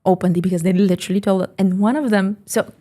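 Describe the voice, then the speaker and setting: A woman entrepreneur talking on a podcast, telling animated stories bluntly and swearing freely. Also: mid-range voice, quick pace. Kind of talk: casual podcast chat.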